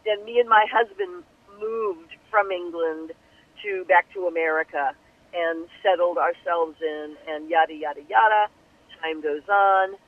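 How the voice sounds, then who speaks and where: An older woman telling her life story in an interview, animated and acting out the voices of the people she quotes. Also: on the low side, a little slow. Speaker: guest singer. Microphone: telephone. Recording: tinny phone line.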